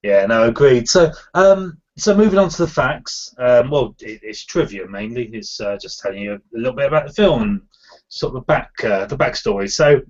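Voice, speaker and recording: A man on a podcast, relaxed and agreeable, reading film trivia and stumbling over names. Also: mid-range voice, moderate pace, lo-fi sound. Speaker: podcast co-host.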